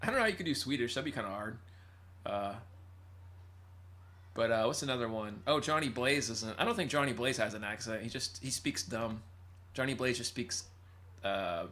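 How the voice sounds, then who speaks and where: A man's voice: mid-range voice, animated, normal speed, long pauses, pushed and bright. A man from California's Central Valley hosting a casual livestream, rambling, laughing often and reading chat aloud. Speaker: livestream host and musician.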